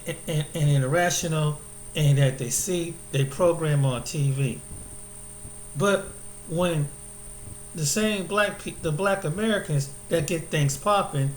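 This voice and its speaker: A man giving casual commentary on a video, halting and restarting often. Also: on the high side. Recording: roomy echo, faint hum.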